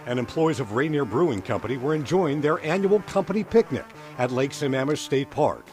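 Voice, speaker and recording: A man's voice: fairly high pitch, a little mellow. Man narrating a crime news story. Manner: measured, dramatic storytelling delivery. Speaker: TV news reporter.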